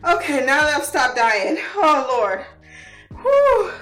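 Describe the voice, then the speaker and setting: A woman's voice: sits high, wildly swooping pitch, slow, a bit bright, faint music behind. A woman giving a casual TV episode recap, profane, laughing and exasperated.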